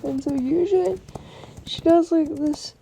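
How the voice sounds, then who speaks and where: A woman's voice: very high voice, a little slow, creaky, warm tone, a little hiss or hum, rough recording. A young woman telling an emotional personal story, rambling with restarts and quoting what others said. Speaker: vlogger.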